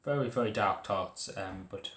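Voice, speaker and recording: A young Irish man talking casually about his own school days, halting and full of fillers and restarts. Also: on the low side, fairly bright tone. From Ireland. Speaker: vlogger. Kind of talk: casual personal talk to camera. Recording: echoey room.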